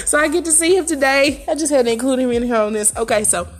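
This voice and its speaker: A middle-aged woman hosting a casual solo podcast from her home, chatty and animated, with playful asides. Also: sits high, fast talker, faint music behind. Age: middle-aged or older. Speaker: podcast host. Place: at home in a chair.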